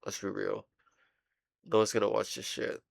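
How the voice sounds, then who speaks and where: A young man rambling casually in a diary vlog, halting and full of fillers, swearing now and then while he plays a game. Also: fairly low pitch, sing-song, creaky, no room sound. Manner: playing a game while talking. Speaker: vlogger.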